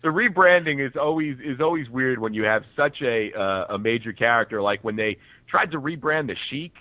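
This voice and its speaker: A man's voice: mid-range voice, moderate pace, no room sound. Man on a tinny phone line. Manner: relaxed, chuckling, short agreeing replies. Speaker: podcast co-host on a call. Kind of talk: casual chat.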